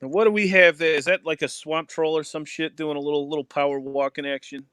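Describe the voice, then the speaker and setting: A man's voice: fairly high pitch, fairly even intonation, quick pace, a bit bright, smooth, no echo. A man co-hosting a casual stream chat, loose and laughing, swearing casually. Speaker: co-host.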